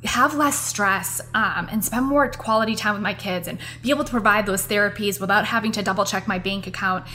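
A woman's voice: mid-range voice, fairly quick, hardly any pauses, pushed and bright, faint music behind. A woman, hosting her own podcast and talking earnestly and chattily to her listeners. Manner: earnest, chatty, addresses listeners as "you guys". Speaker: podcast host. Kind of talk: casual motivational podcast monologue.

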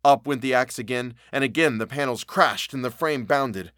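A man narrating an audiobook of a classic novel, reading in a measured, solemn way. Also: mid-range voice, a bit bright, no room sound, clean studio sound.

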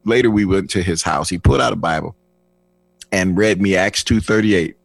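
Older man from Flint, low husky voice, lively storyteller who voices the people in his story. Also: moderate pace, no echo. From Flint, Michigan. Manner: animated, acts out dialogue with restarts. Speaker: guest. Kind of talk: personal testimony storytelling.

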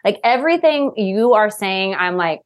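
A woman's voice: medium pitch, animated, normal speed. Gushing, tearful woman host. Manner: effusive, gushing with praise. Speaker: podcast host. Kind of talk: casual chat.

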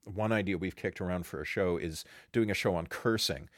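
A middle-aged man co-hosting a podcast, talking in a casual intellectual way, animated and slipping into quick acted quotes. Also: sits low, no echo, clean studio sound. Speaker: podcast co-host and teacher.

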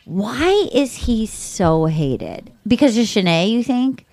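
A woman's voice: on the high side, takes it slowly, dry recording. A woman hosting a podcast in casual chat, talking animatedly and acting out other people's lines. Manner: animated, quotes others in acted voices. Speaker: podcast host.

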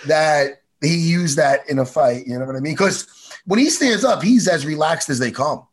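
High gravelly dude ranting and cussing, husky voice, all over the place. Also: male voice, moderate pace. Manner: animated, swears a lot, rambling. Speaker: podcast host. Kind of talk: casual profane chat.

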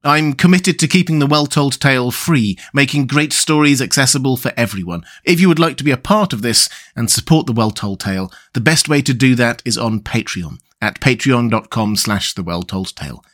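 A man narrating a classic tale and hosting his storytelling show in a calm, even manner. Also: mid-range voice, normal speed, few pauses. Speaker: storyteller and podcast host.

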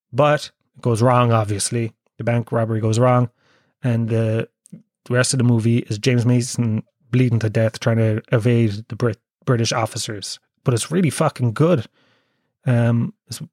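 A man's voice: medium pitch, a little mellow, no room sound, clean studio sound. A sick, worn-out Irish man hosting his own podcast, rambling in a self-deprecating, sweary way. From Ireland. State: ill and worn out. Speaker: podcast host. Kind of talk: casual solo podcast monologue.

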